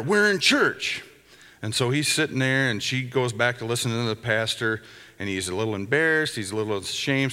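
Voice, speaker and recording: Bright-voiced pastor in a reverberant sanctuary. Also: male voice, medium pitch. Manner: conversational, anecdotal, chuckling asides. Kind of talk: sermon with storytelling. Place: church sanctuary. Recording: long hall reverb.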